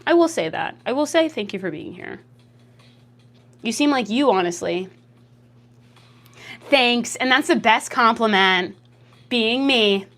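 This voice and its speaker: Lively young woman streamer. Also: a little slow. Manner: lively, jokey, reacts to chat with laughs and big pitch jumps. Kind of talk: casual livestream chat reading comments.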